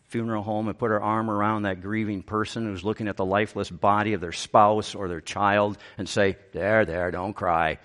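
A man preaching a sermon, swinging from raised, emphatic phrases to hushed, gentle ones. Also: on the low side. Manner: animated preaching, voice rising and dropping to a hush. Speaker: pastor.

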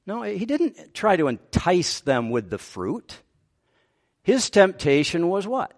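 Slow, animated male preacher. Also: high voice. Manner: slow, earnest teaching with voiced quotes of the tempter. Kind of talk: expository sermon.

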